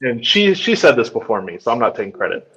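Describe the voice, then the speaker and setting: A man's voice: mid-range voice, very animated, quick pace, fairly bright tone, dull audio. A young man, a podcast co-host, chatting casually and telling family stories, acting out his son's lines. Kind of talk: casual chat.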